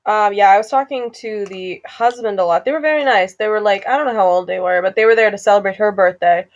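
A woman's voice: mid-range voice, fast talker, muffled recording. A young woman in casual chat, recounting events in a laid-back, rambling way with fillers.

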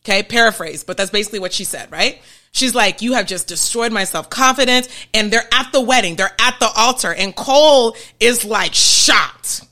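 A woman hosting a podcast, explaining ideas in a chatty, animated way and often checking in with her listeners. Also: mid-range voice, normal speed. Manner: chatty, keeps checking in with "okay?" and "right?"; animated, laughs between points. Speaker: podcast host. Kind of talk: casual explanatory podcast talk.

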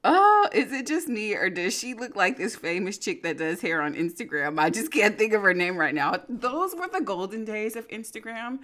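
A woman's voice: medium pitch, very animated, moderate pace, few pauses, fairly bright tone. A woman co-hosting a podcast in casual chat, joking and teasing, laughing often. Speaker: podcast co-host.

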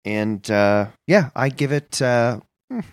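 A man co-hosting a podcast in casual comedic chat, talking deadpan and mock-earnest with halting starts. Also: mid-range voice, no echo, clean studio sound. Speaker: podcast co-host.

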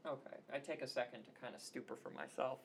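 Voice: medium pitch, fast talker, creaky. A player with a Southern US accent, joking around during a tabletop game. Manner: playful, jokey.

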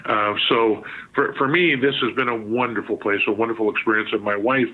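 A man's voice: lowish voice, steady tone, brisk. A man from Southern California, a guest telling stories over the phone in a chatty way, full of fillers and restarts. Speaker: guest, sports museum president. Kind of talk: phone interview storytelling. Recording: tinny phone line.

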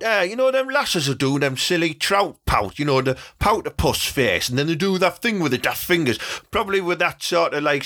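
A man's voice: a little high, bright, forceful tone, dry recording, studio quality. A man, chatting casually, teasing and mock-ranting with plenty of swearing. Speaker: comedian, co-host. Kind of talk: casual chat.

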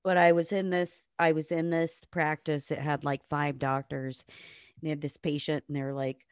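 In a dry, muffled recording, a woman nurse tells blunt podcast stories full of swearing, acting out the people she quotes. Her low-pitched voice keeps fairly even intonation at a measured pace.

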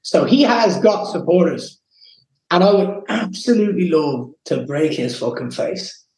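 A man's voice: fairly high pitch, animated, measured pace, a little mellow, reverberant, poor audio. A young Irish man giving an interview, talking with intense emotion and swearing freely. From Ireland. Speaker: guest fighter. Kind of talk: casual interview.

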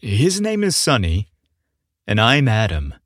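A man's voice: on the low side, wildly swooping pitch, unhurried, fairly bright tone, no room sound, studio quality, exaggerated voice. A man voicing a friendly, easygoing muscular young man in an audio story.

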